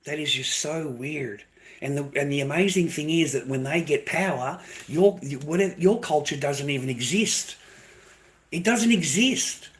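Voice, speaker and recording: A man with an Australian accent, delivering a heated, profane and confrontational rant to camera, often repeating himself. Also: mid-range voice. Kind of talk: angry ranting monologue to camera.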